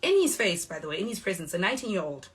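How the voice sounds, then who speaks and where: Young South African woman, firm and measured, speaking low, recounting events on camera. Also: big pitch swings. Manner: measured, firm, acts out quoted exchanges. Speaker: reality show cast member. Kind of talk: direct-to-camera statement.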